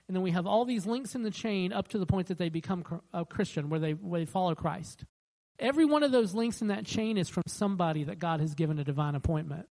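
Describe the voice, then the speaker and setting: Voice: mid-range voice, rough recording. A pastor preaching a sermon in a conversational way, acting out the voices of the people in the stories. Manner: animated, acts out the voices of the people it quotes; conversational, with frequent restarts.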